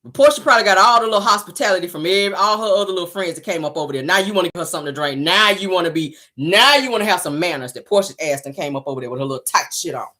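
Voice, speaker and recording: A woman's voice: fairly low pitch, lively intonation, very fast, hardly any pauses, sharp tone. A woman hosting her own show, giving blunt, profane, sassy gossip commentary. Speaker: host.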